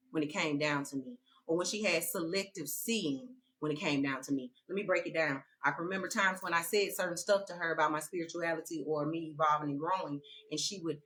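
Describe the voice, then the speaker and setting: A woman's voice: on the low side, a bit bright. A woman telling a personal story in a casual, emphatic vlog and addressing viewers as y'all. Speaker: vlogger.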